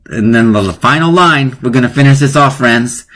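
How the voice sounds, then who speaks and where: A man's voice: medium pitch, moderate pace, fairly bright tone. A man hosting a live-streamed lesson on wordplay, chatty and playful, often laughing at his own jokes. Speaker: teacher hosting a live online class.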